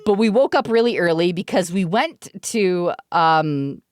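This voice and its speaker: Woman, from Canada, streamer, giggly, profane, very expressive pitch, slow delivery. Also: no echo. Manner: giggly, profane, animated storyteller. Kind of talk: casual storytelling to stream chat.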